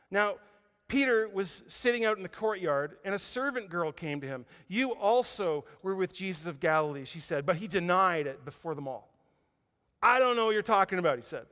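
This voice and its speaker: A man preaching a sermon as pastor, telling a story with dramatic swings from loud emphasis to hushed quiet. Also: high voice. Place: church auditorium. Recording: hall reverb.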